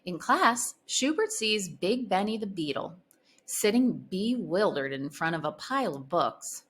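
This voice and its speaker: A woman reading a children's picture book aloud in a clear, expressive manner. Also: mid-range voice, unhurried. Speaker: storybook reader. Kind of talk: read-aloud storytelling.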